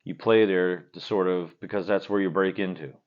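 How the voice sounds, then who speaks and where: A man with a fairly low voice talks to camera at home, answering viewer questions while he drinks beer. He speaks bluntly and profanely and tends to ramble. The recording sounds dull and lo-fi. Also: fairly even intonation, moderate pace. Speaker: cover band guitarist. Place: at home, indoors.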